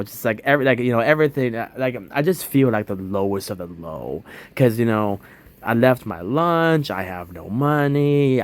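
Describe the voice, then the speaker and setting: Low-voiced man rambling through a story. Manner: rambling, many restarts and fillers. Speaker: vlogger. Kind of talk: casual storytelling.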